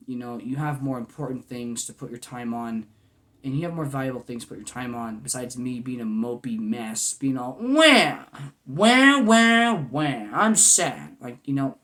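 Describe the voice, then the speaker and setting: A man in his twenties talking to camera in a goofy yet earnest, rambling way, full of "man" and "you know". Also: medium pitch. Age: 20s. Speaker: vlogger. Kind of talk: casual heartfelt monologue.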